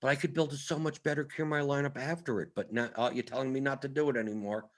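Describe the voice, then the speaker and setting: A man hosting a fantasy sports strategy breakdown, talking animatedly with quick restarts and repeated words. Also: mid-range voice, fairly even intonation. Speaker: fantasy sports analyst host. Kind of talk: strategy breakdown over a screen share.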